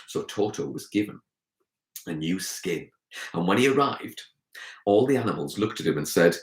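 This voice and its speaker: A male storyteller spinning a tale for young children, his pitch leaping up and down with lively animation. He speaks straight to the kids, and the sound rings in a roomy echo. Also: normal speed. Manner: animated, addresses children directly.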